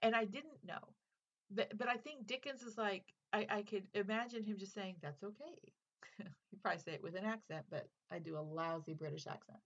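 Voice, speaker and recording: Woman teacher chatting through a book lesson, mid pitch, kinda muffled audio. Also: a little fast, fairly bright tone. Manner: chatty, earnest, conversational with fillers. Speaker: English teacher hosting a literature podcast. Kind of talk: casual spoken lesson.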